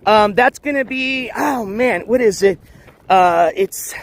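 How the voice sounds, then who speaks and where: A man with a rather high voice rambles to his live viewers while walking a trail outside. His talk is loose and chatty, packed with fillers and false starts, as if he's talking into a phone he's carrying along. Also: slow pace. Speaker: live streamer. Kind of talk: casual walking live stream chat. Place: outdoors on a trail.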